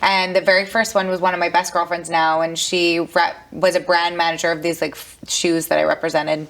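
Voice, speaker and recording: A woman's voice: on the low side, flat delivery, brisk, fairly bright tone. A young adult woman, a fashion brand founder, chatting casually in an interview and filling her talk with "like". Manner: chatty, peppered with "like".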